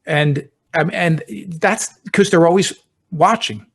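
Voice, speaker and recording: A middle-aged man, a deputy fire chief, hosting a podcast and telling a personal story in a relaxed, conversational way. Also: on the high side, slow pace. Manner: relaxed, talks through anecdotes step by step.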